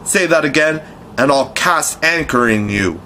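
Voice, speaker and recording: A man's voice: a little high, lively intonation, unhurried, bright, forceful tone, a little hiss or hum, voice pushed up. A man voicing a mischievous boy who mimics a blustering pirate captain, mocking and boastful, in a storybook reading.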